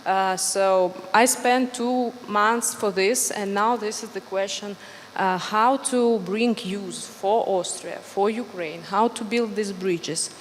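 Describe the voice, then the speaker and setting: A woman speaks up from the floor with a mid-range voice, working through her question in halting phrases. A large hall adds a long echo, and a faint hum sits underneath. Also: mid-range voice. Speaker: audience member asking a question. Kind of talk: audience question at a panel. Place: conference hall. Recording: echoey hall with faint background noise.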